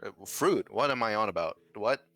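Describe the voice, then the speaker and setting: A man's voice: fairly low pitch, animated, moderate pace, a bit bright, no room sound, soft background music. A male guest in a casual chat, sarcastic and given to exaggerated, mock-outraged complaining. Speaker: guest streamer.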